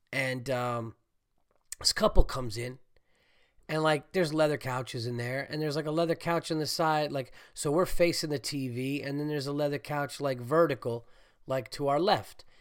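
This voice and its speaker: A congested man, a stand-up comedian and podcast host, talking in a rambling, animated monologue full of fillers and swearing. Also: medium pitch, a little slow. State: congested, getting over a cold. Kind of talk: casual solo podcast monologue.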